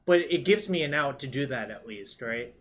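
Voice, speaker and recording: A man's voice: medium pitch, animated, moderate pace. A man commentating his own card game match in a casual way, thinking aloud and swearing now and then.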